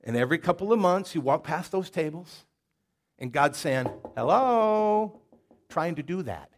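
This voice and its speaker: Folksy preaching man, fairly high voice. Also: moderate pace, a little hiss or hum. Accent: Southern US. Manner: folksy, conversational preaching with jokes and stories. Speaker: pastor. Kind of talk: sermon. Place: church.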